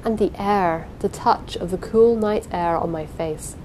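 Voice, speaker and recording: A woman's voice: fairly low pitch, unhurried, warm tone, a little hiss or hum, poor audio. Woman narrating a suspenseful story. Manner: dramatic, suspenseful reading. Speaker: audiobook narrator. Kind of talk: scripted first-person narration.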